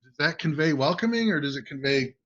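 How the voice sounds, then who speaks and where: A man's voice: on the high side, lively intonation, brisk, a bit bright. A man hosting a show, coaching listeners in a casual, emphatic way and often checking in with "right?". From United States. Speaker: host and communication coach. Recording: dull lo-fi audio.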